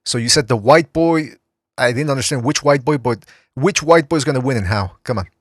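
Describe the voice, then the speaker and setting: A man's voice: medium pitch, brisk, no echo, studio quality. A man hosting a casual boxing podcast, taking callers and joking with them. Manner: jokey, taking calls. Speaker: host.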